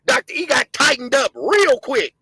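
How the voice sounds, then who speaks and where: A man hosting a show, giving heated, profane commentary on video footage and often breaking into shouts as he talks to his viewers. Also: extremely high pitch, sing-song, normal speed, creaky, no room sound, rough recording. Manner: impassioned, shouting, profane, addresses viewers as gang.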